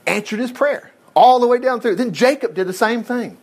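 A middle-aged man preaching a sermon as pastor, telling stories in a folksy, animated way with chuckled asides. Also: very high voice, moderate pace.

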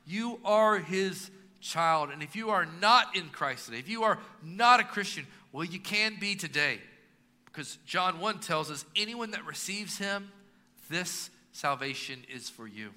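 Bright-voiced preacher in a reverberant hall. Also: male voice, fairly high pitch. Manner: preaching with emphatic rising and dropping delivery. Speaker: pastor. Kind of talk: sermon. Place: church sanctuary. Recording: long reverb of a church hall.

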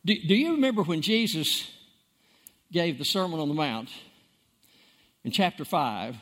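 High-voiced, animated preacher man. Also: measured pace. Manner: emphatic, repeats words for stress, dramatic swings in loudness. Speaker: pastor. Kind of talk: sermon.

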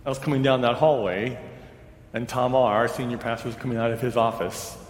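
A man's voice: mid-range voice, fairly even intonation, a little fast. A male pastor telling a personal story during a sermon, in a conversational storytelling way. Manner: conversational storyteller, voices others' lines in quotes. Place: church sanctuary. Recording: roomy church with long reverb.

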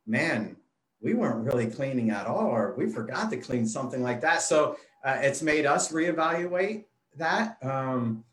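A man's voice: mid-range voice, expressive, measured pace, a bit bright, roomy sound. A man in his forties, a kids pastor, chatting easily as a guest in an interview, with frequent fillers. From Phoenix, Arizona. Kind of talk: casual interview.

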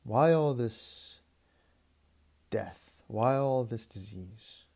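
A man preaching a reflective sermon, speaking in a measured way with repeated phrases and long pauses. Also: mid-range voice, animated, vocal fry, a little mellow.

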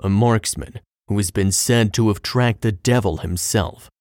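A baritone barkeep with a low, measured way of speaking, like an old friend confiding over a drink, as a male storyteller puts him on. The voice sits a little lower than the narrator's own and sounds close and dry, with no room around it. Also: a little mellow, dry recording, close to an everyday voice.

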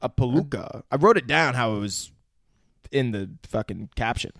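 Gravelly man recapping a movie crudely. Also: mid-range voice, animated, moderate pace, fairly bright tone, no room sound, studio quality. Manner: crude, joking, recounts scenes acting out lines. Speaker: podcast co-host. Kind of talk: casual movie recap chat.

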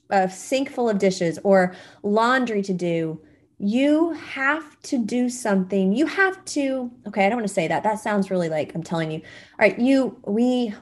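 A woman's voice: mid-range voice, a little mellow. A woman hosting her own podcast, talking to parents in a chatty, reassuring way with plenty of fillers. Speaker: podcast host. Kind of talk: casual solo podcast talk.

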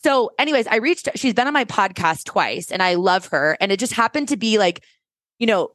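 A woman's voice: mid-range voice, brisk, dry recording. Effusive woman telling a story, close dry mic. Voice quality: effusive, animated storytelling with quoted voices. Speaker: podcast host. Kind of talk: casual chat.

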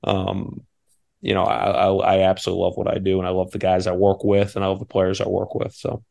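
Gravelly low-voiced man telling stories. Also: completely flat delivery, fairly quick, mellow. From Maine, USA. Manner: eager, rambling, many restarts. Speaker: assistant basketball coach. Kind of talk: casual podcast storytelling.

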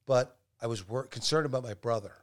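Man in his fifties telling a family story. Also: brisk. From New York. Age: 50s. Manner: rambling storyteller, drops to a low murmur on sad details. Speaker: guest storyteller. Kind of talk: casual chat.

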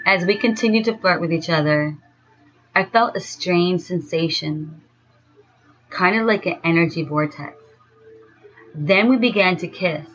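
A woman telling a first-person story in a slow, dreamy way. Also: low-pitched, fairly bright tone. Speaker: narrator. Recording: dull lo-fi sound with faint music.

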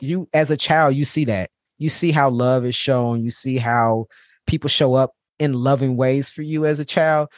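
A man in his forties hosting a podcast, talking about his own childhood and parenting in a heartfelt, halting way with many restarts. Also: mid-range voice, dry recording, clean studio sound. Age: 40s. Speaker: podcast host. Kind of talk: personal reflective monologue.

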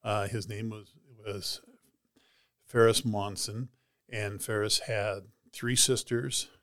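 Low-voiced man telling a story. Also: flat delivery, slow pace, a bit bright. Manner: rambling anecdotal retelling with many "you know"s and "she goes". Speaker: interview guest, heart transplant recipient. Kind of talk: casual storytelling interview.

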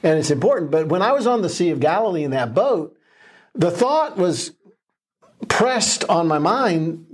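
A man with a somewhat high voice talks about scripture in a relaxed podcast chat. He speaks earnestly and with emphasis, often pausing with ums and restarting his sentences. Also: slightly rough. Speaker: podcast co-host. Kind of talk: casual Bible discussion.

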